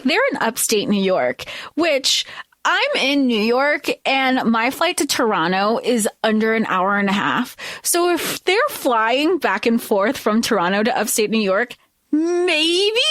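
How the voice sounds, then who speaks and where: A woman co-hosting a podcast, expressive and giggly, chatting casually about a book and quoting characters. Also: a little high, a little slow, no echo, clean studio sound. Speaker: podcast co-host.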